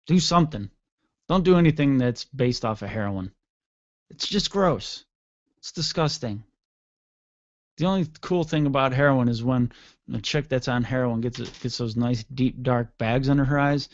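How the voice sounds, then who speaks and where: A man's voice: mid-range voice, measured pace, pauses often, no echo, dull audio. A man hosting an internet radio show, rambling and cursing sarcastically in a casual solo rant.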